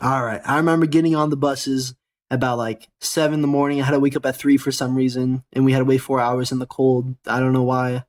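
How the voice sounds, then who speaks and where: A man's voice: medium pitch, little pitch movement, quick pace, darkish tone. A young American man hosting a gaming channel, telling a casual, rambling, profane story with self-corrections. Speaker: gaming channel host and soldier.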